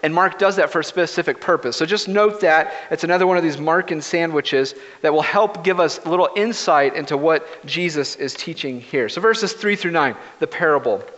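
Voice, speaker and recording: Pastor with a higher voice in a reverberant hall. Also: male voice, normal speed, few pauses. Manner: relaxed, anecdotal storytelling. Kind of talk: conversational sermon. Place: church sanctuary. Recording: reverberant, dull lo-fi livestream audio.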